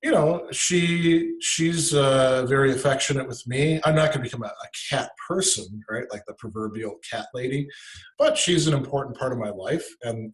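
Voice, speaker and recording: A man talks through a philosophical idea as a podcast guest, restarting phrases as he works it out. His voice has a middle pitch and an easy conversational flow. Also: fairly bright tone, low-quality recording. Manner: thinks aloud, explaining with frequent restarts. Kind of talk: casual conversation.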